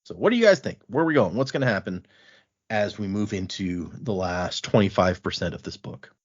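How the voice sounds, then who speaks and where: A man hosting a podcast, casually walking through a book's chapters in an animated retelling. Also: lowish voice, a little fast. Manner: animated retelling, acting out quotes in passing. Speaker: podcast host recapping a book. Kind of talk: casual chat. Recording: dull lo-fi podcast audio.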